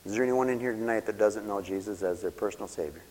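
A man in his fifties preaching a sermon at a church service. He talks plainly and folksy, and swings from loud shouted peaks down to hushed near-whispers. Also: fairly low pitch, quick pace, big-room sound. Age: 50s. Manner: folksy, plain-spoken delivery.

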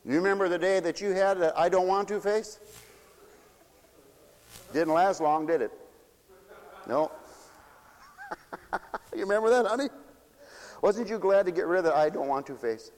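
A man pastor preaching a sermon, playful and laughing, swinging from loud to hushed. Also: high-pitched, unhurried, long pauses, big-room sound.

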